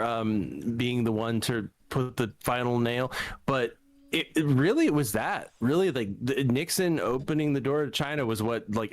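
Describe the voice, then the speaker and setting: A man on a podcast works his way through an argument, hedging and restarting. His pitch sits in an ordinary middle range. He keeps dropping "like" between phrases. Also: dry recording. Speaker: podcast co-host. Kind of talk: casual chat.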